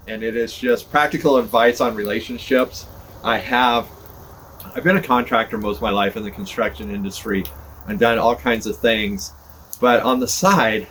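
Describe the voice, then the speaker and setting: Outdoors on his front porch beside a fire, an older man who hosts a podcast rambles to camera in a casual, folksy way, poking fun at himself. He has a mid-range, slightly bright voice, with crackling flames and passing cars audible behind him.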